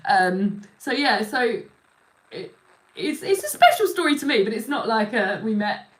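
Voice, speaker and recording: A woman's voice: fairly high pitch, big pitch swings, unhurried. A young woman telling a story to a live audience in a rambling, chatty way, full of fillers and restarts. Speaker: livestream host.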